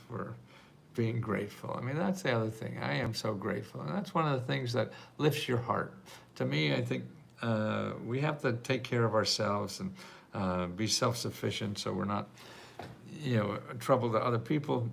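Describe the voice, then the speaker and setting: Here the older livestream host has a lowish, slightly bright voice with vocal fry, and a little hiss or hum sits under the audio. He rambles through viewer questions about grants, laughing often, in a relaxed live Q&A.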